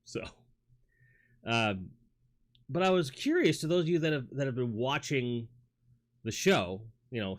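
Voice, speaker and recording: A New York man with a mid-range, fairly bright voice hosts a relaxed home livestream, speaking into a studio mic in his toy room. His talk rambles, he reads the chat aloud, and fillers and restarts come up constantly.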